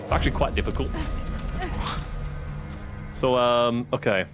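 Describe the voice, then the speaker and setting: A man's voice: mid-range voice, a little slow, over music. A man with an English accent giving casual commentary as he plays a game, yelping and swearing at each setback. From England. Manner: excitable, yelps and swears at setbacks. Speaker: streamer.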